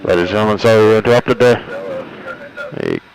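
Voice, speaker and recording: Gravelly man doing a mock cabin announcement. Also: on the low side, huge pitch swings, low-quality recording. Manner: playful, imitating a pilot's slow announcements. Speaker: flight sim crew member.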